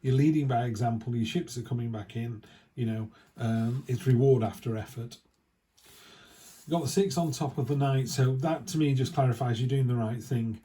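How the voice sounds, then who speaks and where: A man's voice: mid-range voice, mellow. A man giving a casual tarot reading, chatty and rambling with lots of asides. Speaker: tarot reader.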